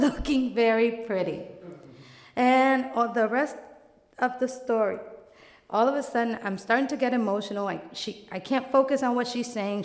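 A woman from the Bronx, telling an animated personal story and laughing often. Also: a little high. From the Bronx, New York. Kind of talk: storytelling monologue. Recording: echoey hall with long reverb.

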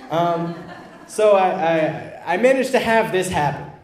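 A man's voice: high voice, animated, a little slow, roomy sound. A young man candidly telling a self-deprecating personal story, acting out what people said.

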